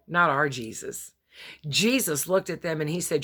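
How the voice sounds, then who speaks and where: A woman's voice: sits low, animated, normal speed, fairly bright tone, husky. A woman giving a short devotional sermon, telling a story earnestly and acting out its voices. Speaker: preacher.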